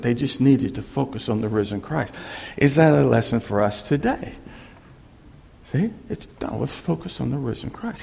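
A middle-aged man preaching a sermon in a folksy, animated way, acting out quick quotes and chuckling between points. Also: on the high side, gravelly. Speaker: pastor. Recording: long reverb of a large hall.

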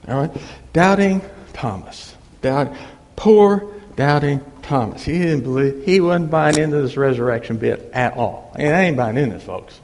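A middle-aged man preaches with a folksy, animated delivery, slipping into quick acted-out quotes and little laughs. His voice sits a touch high and carries a gravelly edge, and it rises and falls widely. It rings with the long reverb of a large church hall. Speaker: pastor. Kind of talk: sermon.

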